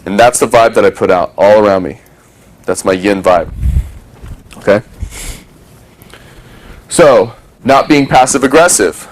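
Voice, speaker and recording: A man's voice: fairly low pitch, unhurried, long pauses. A man talking casually to a small group, telling a story and acting out other people's voices, swearing freely.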